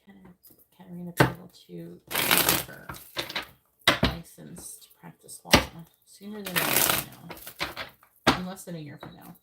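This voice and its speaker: A woman's voice: fairly low pitch, fairly even intonation, moderate pace, creaky, heavy background noise. A woman doing a live-stream tarot reading, talking bluntly and swearing often as she explains how to word questions. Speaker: psychic tarot reader.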